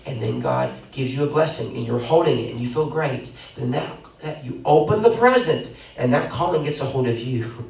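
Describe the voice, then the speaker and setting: A young man, the pastor, preaching an animated sermon with sudden loud bursts and quick asides, recorded in a church. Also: medium pitch, vocal fry. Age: young adult. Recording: roomy echo, mic at a distance.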